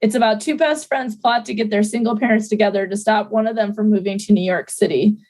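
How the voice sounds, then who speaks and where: A woman's voice: medium pitch, fast, darkish tone, poor audio. A woman co-hosting a podcast in casual chat, playful and argumentative, laughing often. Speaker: podcast co-host.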